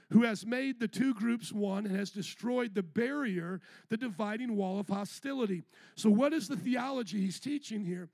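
A male pastor preaching a lively sermon with call-and-response to the congregation, his voice starting to go hoarse. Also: high-pitched, no echo. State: voice going hoarse.

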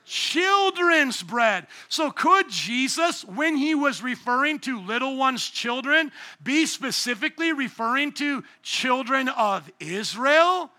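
Hoarse, high-voiced, bright-toned male pastor. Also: very animated, takes it slowly. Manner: asks the congregation fill-in questions. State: going hoarse. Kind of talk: sermon. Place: church. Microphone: handheld microphone.

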